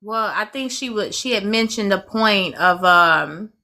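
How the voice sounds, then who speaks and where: A woman on a podcast panel, speaking in a measured, affirming way with many fillers. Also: mid-range voice, lively intonation, bright, forceful tone. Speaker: panel guest. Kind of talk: casual panel chat.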